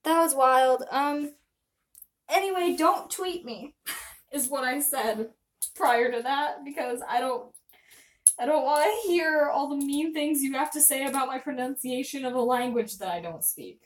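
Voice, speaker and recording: A woman's voice: high-pitched, measured pace. A young woman chatting casually on a live stream, rambling and self-deprecating.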